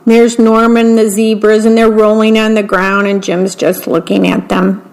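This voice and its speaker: A woman reading a picture book aloud, describing each picture in a gentle, deliberate way. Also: mid-range voice, little pitch movement, poor audio. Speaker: storybook reader.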